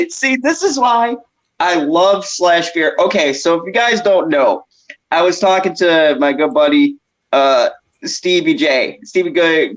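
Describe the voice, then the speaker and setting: A podcast co-host telling stories in a giggly, animated casual chat. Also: medium pitch, measured pace. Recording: dull lo-fi sound.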